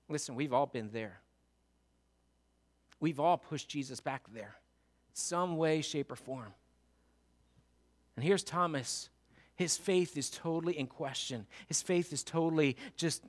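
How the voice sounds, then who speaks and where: A man preaching a sermon as pastor, animated, moving between loud storytelling and hushed emphasis. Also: a little high, takes it slowly, long pauses.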